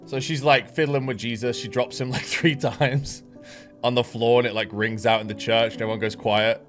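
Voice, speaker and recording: A man's voice: medium pitch, fairly even intonation, normal speed, fairly bright tone. Brief: man, casual storyteller, rambling, swears often, laughs a lot, faint guitar behind. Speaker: streamer telling a story. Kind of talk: casual anecdote.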